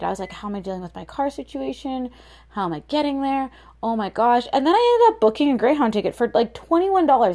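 A woman's voice: on the high side, creaky. Upbeat chatty woman podcaster. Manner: upbeat, chatty, many fillers. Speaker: podcast host. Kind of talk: motivational solo podcast.

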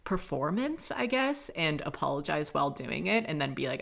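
A woman's voice: sits low, big pitch swings, moderate pace, creaky, fairly bright tone. A young woman hosting a casual solo podcast, chatty and swearing often as she talks things through. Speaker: podcast host.

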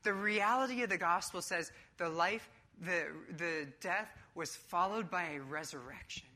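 A woman's voice: on the low side, a little slow, pushed and bright. A woman preaching a sermon in a church, emphatic and coach-like with casual asides.

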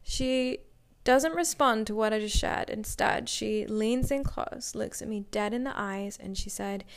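A woman's voice: on the high side, unhurried, gravelly. A young adult woman casually telling a personal story, chatty and full of "like," acting out what people said to her. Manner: chatty, many "like" fillers, acts out quoted dialogue.

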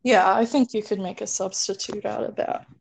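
A woman co-hosting a casual podcast chat, giggling often and filling pauses with um and like. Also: mid-range voice, steady tone, gravelly, a little hiss or hum. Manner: giggly, drawn-out, lots of fillers. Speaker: podcast co-host.

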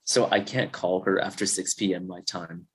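A man's voice: low voice, normal speed, a little hiss or hum. A young man from Virginia, a podcast guest, chatting casually and rambling over a video call, with "like" in nearly every sentence. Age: young adult. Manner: relaxed, rambling, heavy use of "like". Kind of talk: casual chat. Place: dorm room.

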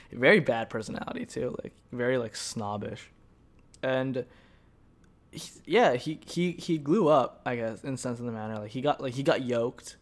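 A young man in his twenties hosting a podcast, telling a story casually with lots of swearing and filler words. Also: mid-range voice. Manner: profane, rambling, heavy on filler words; mocking, animated. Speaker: podcast host.

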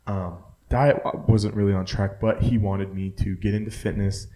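A man's voice: lowish voice, steady tone, moderate pace, warm tone. A young man co-hosting a podcast, chatting casually, profane and rambling with lots of filler words. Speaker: podcast co-host. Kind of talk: casual chat.

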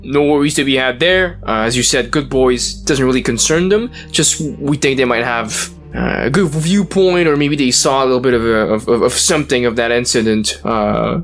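A man's voice: mid-range voice, normal speed, few pauses, faint music behind. A man playing a police officer in a tabletop game, talking hesitantly with many fillers. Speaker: player.

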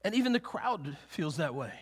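This pastor's sermon voice is sing-song, fairly bright, and slightly rough, pitched a touch above typical for a man. Sharing a personal story in church, he halts, repeats himself, and chuckles softly.

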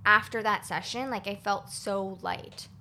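A woman tells a personal story in an easy, chatty way, her voice bright and forward. She leans on "like" and restarts as she talks. A faint hiss runs underneath. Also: mid-range voice, fairly even intonation, unhurried. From Toronto area, Canada. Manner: chatty, emotional storytelling with many "like"s. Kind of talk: casual chat.

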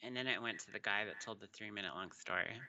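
A man's voice: fairly low pitch, quick pace, sharp tone, slight background noise. A man co-hosting a casual podcast, telling rambling, laid-back stories. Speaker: podcast co-host.

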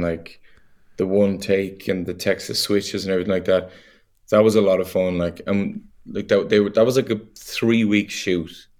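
An Irish man, a young adult actor, chatting as a guest in an interview, animated and full of fillers and laughs. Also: deep voice. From Ireland. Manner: animated storyteller, laughs easily, many fillers. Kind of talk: casual interview chat.

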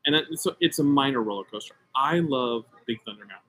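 A man's voice: mid-range voice, lively intonation, fast, pushed and bright. A middle-aged American man and podcast co-host, telling a story in casual chat with emphatic, self-mocking energy.

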